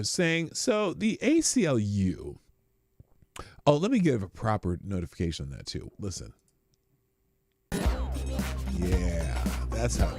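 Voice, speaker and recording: Guy rambling on his morning stream, swears a bit, voice jumps up and down a lot. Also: vocal fry. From Omaha, Nebraska. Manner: rambling, chatty, swears casually, jumps between high and low pitch. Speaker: livestream host. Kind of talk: casual live-stream chat.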